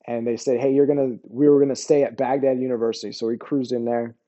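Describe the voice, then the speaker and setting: A man's voice: medium pitch, fairly even intonation, fast talker, mellow, highs cut off. A middle-aged American man, an army veteran, telling war stories in a casual interview, laid-back and slangy, often saying "bro" and "you know what I mean.". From United States.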